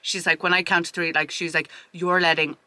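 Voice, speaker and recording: A woman's voice: on the low side, brisk, no room sound. A young woman in her twenties, co-hosting a podcast and telling stories in casual chat. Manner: chatty storyteller, animated retelling. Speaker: podcast co-host.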